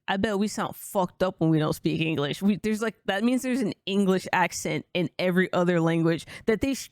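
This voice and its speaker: A woman's voice: on the low side, no room sound, studio quality. A woman co-hosting a casual podcast, talking bluntly and emphatically with frequent swearing. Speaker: podcast co-host.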